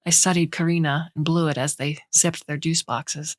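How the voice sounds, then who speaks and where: A woman reading a short story aloud as narrator, in a measured, expressive way. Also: deep voice, no echo, studio quality.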